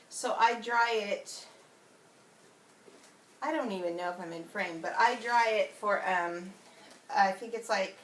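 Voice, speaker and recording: A woman's voice: a little high, fairly bright tone, far from the mic. A woman at home doing a casual product demo in a rambling, chatty way with lots of ums, out of breath as she moves about. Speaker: home video reviewer. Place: at home, indoors. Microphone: camera set away from her. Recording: echoey room, off-mic, noisy.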